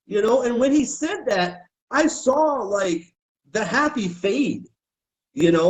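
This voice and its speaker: A man's voice: sits high, slow, low-quality recording. A man who used to wrestle and referee, telling stories on a podcast in a casual, profane way and acting out what people said. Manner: profane, animated storyteller who acts out quotes.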